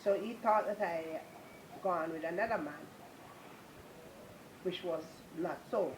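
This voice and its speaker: A woman's voice: fairly low pitch, takes it slowly, noisy background. A woman with a Jamaican accent giving a personal religious testimony, telling her story earnestly and moving into repetitive, preaching praise.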